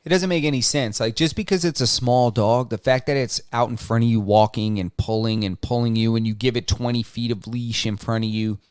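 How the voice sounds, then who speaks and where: Male podcast co-host, mid-pitched, rambling opinions, dry close recording. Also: steady tone, fairly quick, few pauses, a little mellow, clean tone, no room sound. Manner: opinionated, loose, with many restarts. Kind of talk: casual chat.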